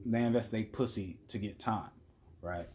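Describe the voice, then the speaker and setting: A man's voice: fairly low pitch, moderate pace, darkish tone, slight background noise. Blunt, profane man telling a story. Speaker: vlogger. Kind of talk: casual storytelling monologue.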